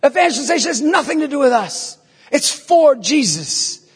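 Man, thirties, high voice, husky, emphatic evangelist talk, big hall reverb. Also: big pitch swings, normal speed. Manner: emphatic, storytelling, bursts into shouts. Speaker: Catholic evangelist speaker. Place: large hall before an audience.

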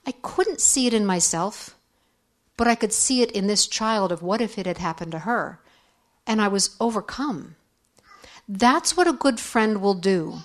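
A middle-aged woman speaks candidly and conversationally, sharing personal stories in a reflective talk for women. Her pitch sits in an ordinary middle range. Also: expressive, measured pace. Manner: candid, conversational, acts out quoted voices. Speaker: speaker on faith and forgiveness.

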